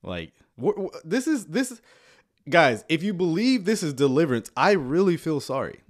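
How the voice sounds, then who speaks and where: A man commenting on a church video in a relaxed, joking way, his pitch jumping all over as he reacts. His talk is casual and full of slang, and he sounds close to the mic. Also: moderate pace. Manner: laid-back, joking, Southern US slang like "y'all".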